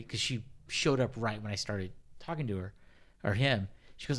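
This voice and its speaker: A man's voice: mid-range voice, moderate pace. A man on a comics podcast, chatting casually and telling a long story with many restarts and fillers. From Hispanic, worked in San Diego. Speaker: podcast co-host. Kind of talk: casual chat.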